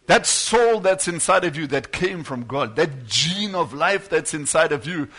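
A man's voice: fairly high pitch, lively intonation, measured pace, a bit bright, slightly rough. A man preaching a fervent sermon, retelling stories and acting out the quotes.

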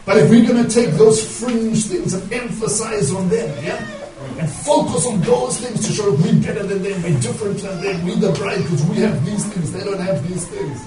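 A high-voiced man preaches a fervent sermon, pressing his points and checking in with the congregation after each one. He sounds distant in an echoing church, with music playing beneath him. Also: expressive, moderate pace. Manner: impassioned, rhetorical, checks in with 'yeah?'. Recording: echoey room from far off, music underneath.

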